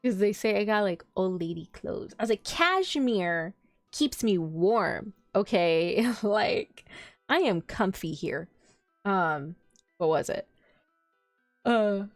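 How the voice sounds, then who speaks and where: A woman's voice: mid-range voice, no room sound. Rambling young woman streamer, dry mic. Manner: rambling, laughs often, loses track of thought. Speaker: VTuber streamer. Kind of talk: casual chat stream.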